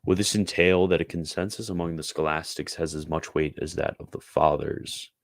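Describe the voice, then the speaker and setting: A man who reads a theology passage aloud in a measured way, then answers viewer questions in a loose, casual chat with fillers. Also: extremely low pitch, fairly even intonation, no echo.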